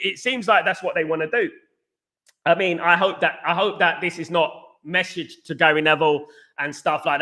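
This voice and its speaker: A man's voice: high-pitched, pushed and bright. A man hosting a casual football opinion show, talking animatedly and repeating himself, often calling his viewers "guys". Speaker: podcast host.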